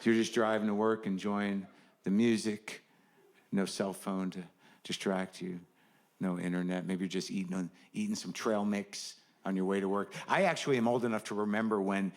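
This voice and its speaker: A man's voice: lowish voice, steady tone, normal speed. A middle-aged man doing a stand-up comedy set, riffing in a wry, sardonic, conversational way.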